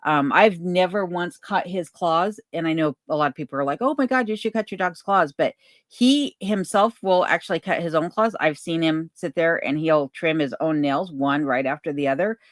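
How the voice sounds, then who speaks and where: A woman hosting a casual livestream Q&A from her cabin, reading viewer comments aloud and answering in an unhurried way with plenty of ums. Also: sits low, no echo, studio quality. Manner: relaxed, unhurried, many ums, reads chat comments aloud. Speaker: channel host answering viewer questions. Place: home cabin in remote Alaska.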